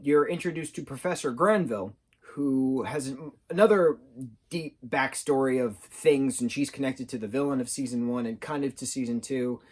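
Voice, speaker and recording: A man giving a casual, enthusiastic review of an animated series, rambling with fillers and correcting himself as he goes. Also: medium pitch. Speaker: show reviewer.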